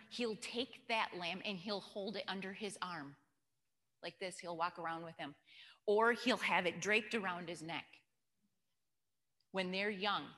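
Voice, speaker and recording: A woman's voice: mid-range voice, bright, forceful tone. A woman giving an informal church teaching talk, telling stories and asking the audience questions. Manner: chatty, storytelling, asks the audience questions. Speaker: church speaker. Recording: long hall reverb.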